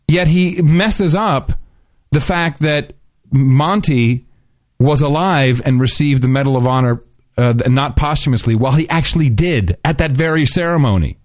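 A man co-hosting a podcast, chatting casually about politics in an animated, mocking way and sometimes breaking into silly voices. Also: a little high, moderate pace, no room sound, clean studio sound. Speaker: podcast co-host.

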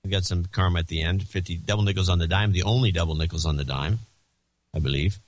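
A man co-hosting a podcast with a low-pitched voice, working through a list of donor names in a dry, teasing way. The sound is close and dead, with no room echo. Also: quick pace. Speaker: podcast co-host. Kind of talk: casual chat.

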